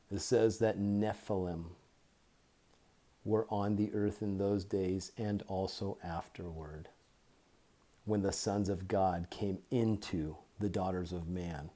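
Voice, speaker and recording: Slow, low-voiced man teaching scripture. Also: warm tone. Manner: slow and deliberate, repeats and spells out key words. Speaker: Bible teacher. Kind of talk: informal Bible teaching to camera. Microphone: phone.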